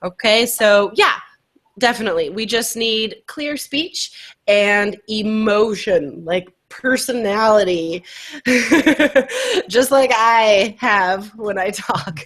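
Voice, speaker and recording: A woman's voice: mid-range voice, slow, fairly bright tone. An upbeat young woman explains exam strategies in a casual webinar. She chats along and laughs easily, with a voice that sits right in the middle of a woman's range. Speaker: IELTS teacher.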